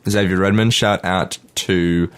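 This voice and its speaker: A man's voice: fairly even intonation, unhurried, clear, resonant tone. A young man co-hosting a casual radio chat show, giggling often and jumping into silly voices. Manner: giggly, playful, jumps into high silly voices. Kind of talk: casual banter.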